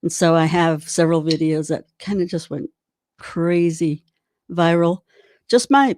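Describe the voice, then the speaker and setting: A woman's voice: fairly low pitch, unhurried, a little mellow, dry recording. A woman giving an online drum clinic, chatty and encouraging while she demonstrates rudiments. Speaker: drum instructor.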